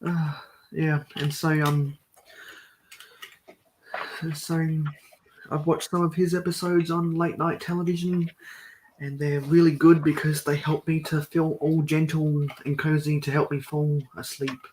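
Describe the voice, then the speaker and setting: A man hosting a live stream at home, talking through a build in a soft, mellow monotone. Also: fairly high pitch, measured pace, a little hiss or hum, low-quality recording.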